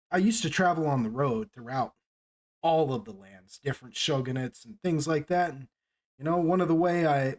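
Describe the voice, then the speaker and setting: A man's voice: a little high, close to an everyday voice. Casting: a man playing an easygoing country troubadour with a drawl, casual and friendly. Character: laid-back male troubadour farmer.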